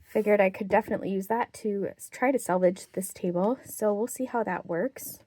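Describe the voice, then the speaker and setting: A woman's voice: medium pitch, brisk, slightly rough. Chatty, slightly breathless young woman vlogger. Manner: chatty, excited about bargains, reads out prices. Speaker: craft haul vlogger. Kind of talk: casual show-and-tell haul.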